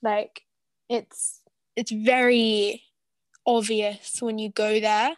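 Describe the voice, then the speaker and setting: A young British woman, co-hosting a podcast and telling a story in a chatty, animated way with many fillers. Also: on the high side, very slow, dry recording. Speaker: podcast co-host. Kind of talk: casual chat.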